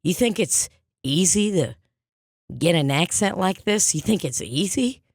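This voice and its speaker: A woman's voice: fairly low pitch, expressive, unhurried, no room sound, clean studio sound. A woman playing a brash, pushy fake psychic medium with a put-on Long Island accent, in an improvised comedy sketch. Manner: pushy, rambling, streetwise patter. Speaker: podcast co-host.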